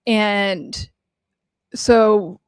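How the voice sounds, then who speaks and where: A woman's voice: medium pitch, drawn-out words, smooth, no room sound, studio quality. A woman hosting a podcast as a mental health coach, talking casually and bluntly, swearing freely and using lots of fillers. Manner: animated storytelling. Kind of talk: casual solo talk answering questions.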